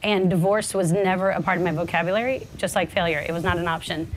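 A woman in her forties telling a personal story on a panel, earnest and halting, her voice shaking with nerves. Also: fairly low pitch, slight background noise. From American South. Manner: halting, many restarts, earnest. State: nervous, voice shaking. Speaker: panel speaker.

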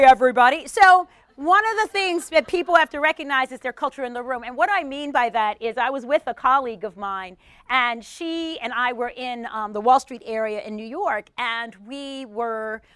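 High, bright-voiced animated woman speaker. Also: clean tone, dry recording. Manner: animated, punchy, playful with the crowd. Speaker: speaker addressing an audience. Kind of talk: conversational talk with storytelling.

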